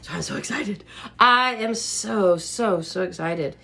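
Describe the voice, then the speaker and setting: A bubbly woman hosts a cooking video from her home kitchen. She talks straight to her viewers with a chatty manner and laughs often. Her voice sits at an ordinary middle pitch. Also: measured pace, creaky, pushed and bright. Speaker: cooking show host.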